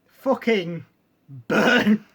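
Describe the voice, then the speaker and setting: A man's voice: sits high, very slow, a bit bright, slight background noise. A man commenting casually and sarcastically on a cartoon as a vlogger, swearing often.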